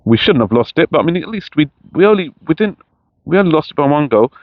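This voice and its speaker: A man's voice: fairly high pitch, very animated, fast, no echo. A middle-aged man chatting casually outdoors in a park, rambling with many restarts. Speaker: vlogger. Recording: dull lo-fi sound with faint noise.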